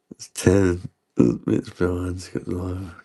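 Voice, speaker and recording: A man's voice: low-pitched, vocal fry. A man hosting a casual livestream chat, trading crude, self-mocking banter and laughing often. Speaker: livestream host.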